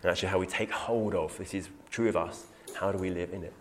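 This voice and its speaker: A man's voice: low-pitched, fairly even intonation, fast, a little hiss or hum. A man teaching through a Bible passage in an earnest, emphatic way, quoting scripture and taking questions. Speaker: preacher.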